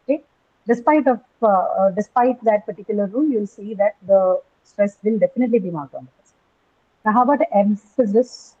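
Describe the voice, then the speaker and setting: A woman's voice: medium pitch, brisk, dark tone, slightly rough. A woman teaching an English pronunciation class, often checking with "right?" and quizzing her students. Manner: tags statements with "right?", questions students. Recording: dull lo-fi recording.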